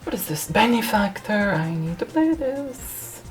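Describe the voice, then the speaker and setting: A woman's voice: medium pitch, very animated, measured pace, music in the background. A woman YouTuber chatting casually as she flips through an old magazine, reading bits aloud, giggling often and swearing in mock anger. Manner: giggly, mock-cursing, reads aloud and reacts. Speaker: retro computing YouTuber.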